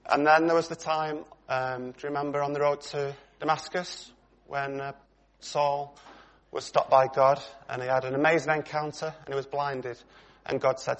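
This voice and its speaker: A man's voice: fairly high pitch, flat delivery, normal speed, a bit bright. A middle-aged man preaching a sermon in a conversational way, putting questions to his congregation.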